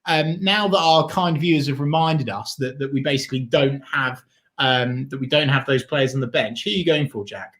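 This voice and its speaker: A man co-hosting a football watchalong, boisterous and chatty, shouting and singing when his team scores. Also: medium pitch, moderate pace. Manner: boisterous, shouts and sings at goals. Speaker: fan watchalong co-host. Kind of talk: excited football watchalong chat.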